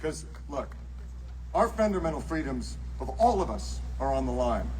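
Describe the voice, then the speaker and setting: A man's voice: medium pitch, sing-song, normal speed. Earnest man speaking at an outdoor rally. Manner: earnest, rising to shouts on key lines. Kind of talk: political rally speech. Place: outdoor rally beside a bus. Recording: distant outdoor rally mic with noise.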